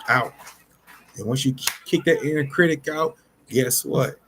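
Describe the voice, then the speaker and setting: A man's voice: fairly high pitch, normal speed, fairly bright tone, slight background noise. Earnest man giving repetitive pep talk. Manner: earnest, repetitive, many restarts; addresses listeners directly as y'all. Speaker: motivational vlogger. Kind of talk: unscripted motivational talk.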